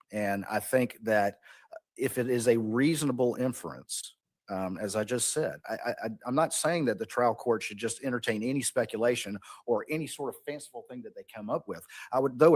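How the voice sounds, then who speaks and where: A man's voice: medium pitch, dry recording. Earnest man arguing in court. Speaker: appellate attorney. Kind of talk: courtroom oral argument.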